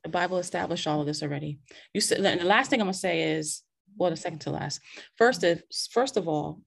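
A woman hosting a casual faith talk, animated and preachy, with many restarts and scripture quotes, heard over a video call. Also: on the low side, a little fast, vocal fry, husky. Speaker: podcast host.

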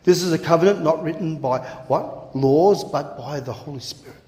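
A man's voice: fairly high pitch, normal speed. Man preaching in an echoey hall. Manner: animated, conversational, repeats words and acts out quotes. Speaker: pastor. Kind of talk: sermon. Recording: echoey hall with long reverb.

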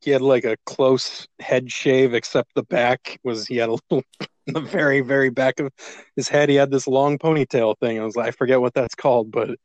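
A man's voice: mid-range voice, steady tone, normal speed, dry recording, highs cut off. Man, podcast co-host, easygoing, laughs a lot, dry close sound. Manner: easygoing, laughs often, agreeable. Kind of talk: casual movie review chat.

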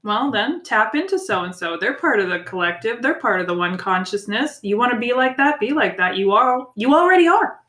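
A woman co-hosting a casual chat, animated and encouraging, swearing freely. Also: medium pitch, normal speed, hardly any pauses. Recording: echoey room.

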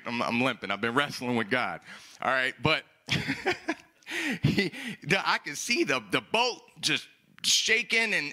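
A male pastor preaching a sermon in an animated way, repeating words and breaking into shouts. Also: medium pitch.

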